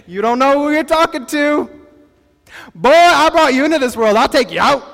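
A man's voice: extremely high pitch, lively intonation, very slow, creaky, pushed and bright, big-room sound, voice pushed up, full character voice. A man voicing God as a stern father, mock-threatening a disrespectful man.

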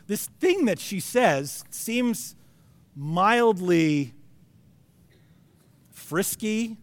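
A man in his forties preaching a sermon in a joking, conversational way, with halting restarts. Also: high-pitched, dry recording. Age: 40s. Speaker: pastor.

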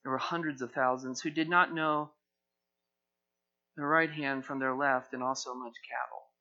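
A man preaching a sermon, reading scripture aloud with emphasis and retelling the story in lively paraphrase. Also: medium pitch, normal speed. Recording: dull lo-fi recording.

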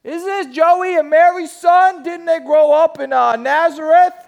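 A man's voice: extremely high pitch, fairly even intonation, measured pace, gravelly, voice pushed up, heavily acted. A man voicing a dismissive male crowd member with a brash, mocking New Jersey accent. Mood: scoffing.

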